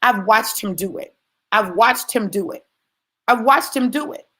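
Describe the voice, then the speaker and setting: A woman's voice: on the high side, a little slow, a bit bright, husky. A woman giving a motivational talk, speaking emphatically and conversationally straight to her listeners and repeating key phrases for stress. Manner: conversational, addresses listeners directly.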